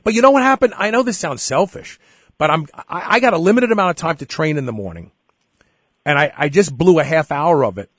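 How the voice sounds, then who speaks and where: A middle-aged host shares a story in easygoing conversation on his show, animatedly performing each line of dialogue. His voice is a little high and his delivery brisk. The audio is studio quality, without echo.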